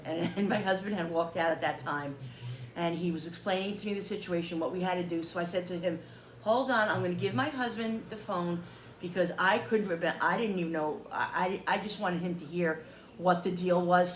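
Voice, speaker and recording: Woman vlogger, casual heated storytelling, roomy echo, faint background hum. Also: on the low side. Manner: animated, heated retelling with quoted dialogue.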